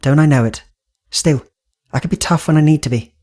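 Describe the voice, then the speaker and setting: A man voicing a tough young woman farmhand in an audiobook, speaking dry and matter-of-fact, lifted a little higher than his own voice. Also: fairly quick, a little mellow, close to an everyday voice. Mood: wry.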